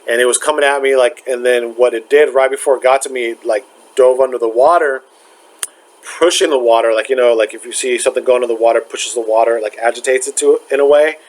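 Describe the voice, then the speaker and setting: A young man talks casually, circling back and restarting often. His voice sits at an ordinary middle pitch, and his story comes out halting and searching, thick with fillers. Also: fairly even intonation, poor audio. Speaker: spiritual vlogger.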